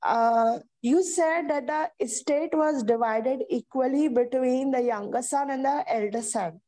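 A woman with a high voice adds a point to the discussion and then asks a thoughtful question. She speaks at an even pace. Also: a little slow. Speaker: participant asking a question.

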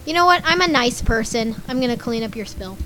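A woman's voice: a little high, lively intonation, fairly quick, sharp tone. A woman with a scratchy voice giving chatty, amused let's-play commentary as she plays a game. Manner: chatty, amused, talks to other players. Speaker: gaming channel host.

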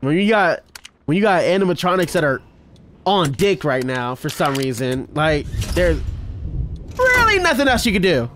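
A man streaming a horror game, trash-talking the characters with loud outbursts and frequent laughs. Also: a little high, huge pitch swings, moderate pace, background noise. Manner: laughs often. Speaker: gaming streamer. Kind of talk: casual let's-play commentary.

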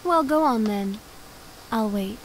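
Flirty mean hotel owner in a game, teasing drawl, kinda high voice. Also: female voice, animated, takes it slowly, over a noisy crowd, poor audio. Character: seductive, scornful woman hotel owner. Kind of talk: video game voice acting.

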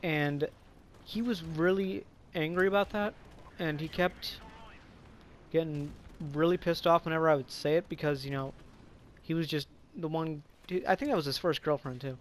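A man's voice: on the high side, normal speed, slight background noise. A man casually telling a story from his school days, rambling with lots of fillers, swearing, and frequent stumbles and restarts. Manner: rambling, filler-heavy, profane. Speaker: vlogger.

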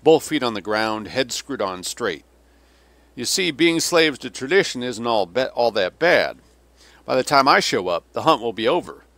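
A man's voice: mid-range voice, animated, moderate pace, fairly bright tone, no room sound, pitched above the performer's own voice. A man voicing a weary, cynical older male Russian general who delivers sardonic, bitter tirades.

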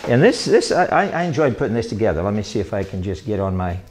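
An older man, an evangelist, talking through an informal, rambling sermon with excitable enthusiasm. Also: on the low side, quick pace, slight background noise. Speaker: evangelist hosting a ministry show. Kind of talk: informal sermon talk to camera.

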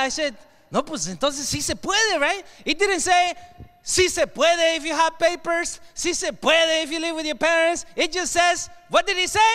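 A keynote speaker with a Mexican Spanish accent tells his story to a crowd, animated, throwing questions out to the audience. His voice sits very high and sounds sharp and bright. A long reverb from a large hall trails behind him.

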